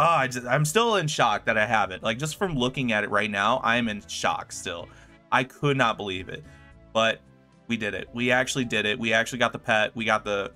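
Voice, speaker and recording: A man's voice: mid-range voice, sharp tone. A man talking through his game results as a YouTuber in casual, chatty commentary, upbeat and enthusiastic. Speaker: gaming YouTuber.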